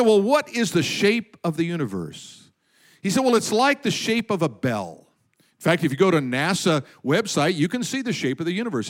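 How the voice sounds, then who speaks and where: A man preaching a sermon as pastor, animated, sometimes dropping to a hush. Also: high-pitched.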